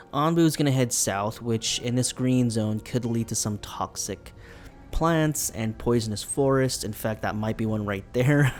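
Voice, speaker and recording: A man with a sick, hoarse voice casually commenting while playing a video game, thinking aloud in an easygoing way. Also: mid-range voice. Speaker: let's play host.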